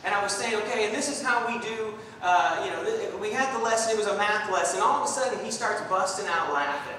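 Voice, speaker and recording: A young man preaching a sermon in a church, telling stories in an animated way and acting out the voices in them. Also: high-pitched, brisk. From Southern California. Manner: animated storytelling, acts out voices in anecdotes. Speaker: guest preacher. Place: church sanctuary. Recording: distant, echoey hall recording with faint noise.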